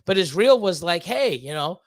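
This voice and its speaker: A man's voice: high-pitched, sing-song, normal speed, no room sound. A man hosting a casual livestream, rambling and swearing, with lots of fillers and repeated words. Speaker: livestream host.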